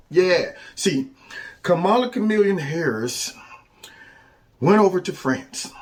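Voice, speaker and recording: A man hosts a political commentary vlog in a slightly high voice that rises and falls with lively swings. His delivery is casual and colloquial, with sarcastic, emphatic punches and catchphrases he repeats. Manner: mocking, sarcastic, emphatic and repetitive.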